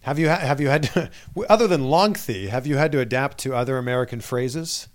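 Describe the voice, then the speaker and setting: A male interview host with a very animated voice that swings up and down in pitch. He asks his questions in an upbeat, easygoing way and laughs readily along with his guest. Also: a little fast. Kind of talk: casual interview chat.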